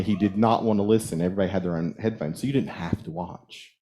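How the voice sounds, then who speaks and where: A man's voice: deep voice, fast, hardly any pauses, warm tone. A man preaching a sermon as a minister in a conversational, storytelling way, chuckling as he goes. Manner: conversational, chuckles while telling stories. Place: church sanctuary.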